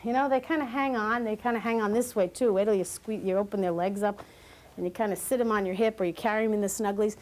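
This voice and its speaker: A woman giving a lively, joking lecture to new parents as a parenting class instructor. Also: mid-range voice, quick pace.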